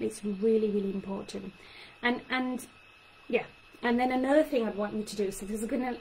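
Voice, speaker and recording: A young woman, a speech and language therapist explaining tips to parents in an animated way. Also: mid-range voice, low-quality recording. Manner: animated, acts out child-directed phrases. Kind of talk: talk to parents. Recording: faint background noise.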